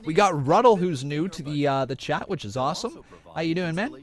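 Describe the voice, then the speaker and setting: A man doing live reaction commentary on a wrestling show, screaming and cheering at big moves and chatting calmly with viewers in between, over a cheap microphone. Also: on the high side, fairly quick, soft background music. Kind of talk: excited live play-by-play commentary and chat.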